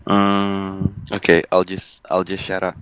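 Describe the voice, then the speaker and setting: A man's voice: sits low, completely flat delivery, slow, a bit bright, smooth, no room sound. A man playing a tabletop game casually, hesitant and laughing at himself. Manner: laughing, self-mocking, hesitant. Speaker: player.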